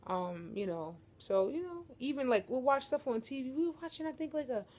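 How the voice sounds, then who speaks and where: Sitting on her living room couch, a young woman vlogs casually in a high-pitched, animated, fairly quick voice with a darkish tone. She jokes around playfully and speaks straight to camera, calling her viewers "y'all."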